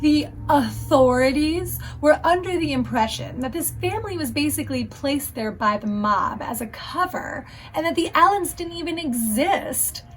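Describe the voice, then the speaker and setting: An actress playing a gossipy, wry neighbor, recounting rumors in a mock true-crime interview. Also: female voice, high-pitched, lively intonation, moderate pace, few pauses, a little hiss or hum. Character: gossipy middle-aged woman neighbor, wry.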